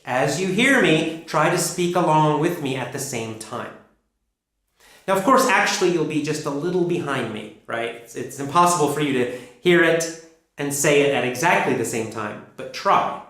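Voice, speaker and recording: Male English teacher, emphatic coaching delivery, slightly high, heavy room echo. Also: normal speed. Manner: energetic, emphatic, repetitive coaching. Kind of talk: instructional explanation. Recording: very echoey room.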